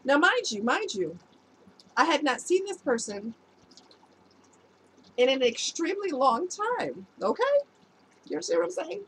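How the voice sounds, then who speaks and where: A woman's voice: sits high, very animated, unhurried, long pauses, fairly bright tone, a little hiss or hum, low-quality recording. A woman, an adult past her youth, telling a personal story to her viewers in a casual, chatty way and laughing at herself. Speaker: vlogger giving relationship advice.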